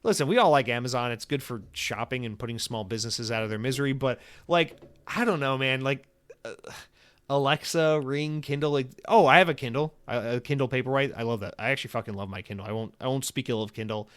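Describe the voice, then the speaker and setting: A man's voice: medium pitch, fast talker, a bit bright, clear, resonant tone. A young man hosting a solo gaming podcast, rambling and sarcastic, swearing often and acting out quoted voices mid-rant. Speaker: podcast host.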